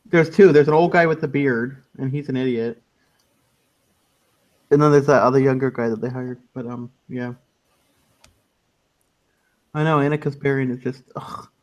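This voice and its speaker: A man's voice: medium pitch, steady tone, moderate pace, pauses often, a little mellow. A man hosting a casual online radio chat, loose and laughing, often trailing off into mumbles. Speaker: podcast host.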